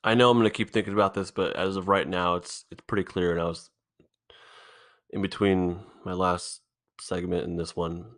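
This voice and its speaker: A man hosting a solo podcast, thinking out loud in a halting, rambling way, swearing often, recorded in an indoor room. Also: deep voice, flat delivery. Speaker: podcast host.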